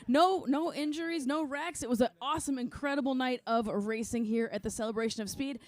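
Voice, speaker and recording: A woman's voice: high-pitched, brisk, dry recording. A woman announcing a race podium, bubbly and joking, laughing often as she interviews the riders.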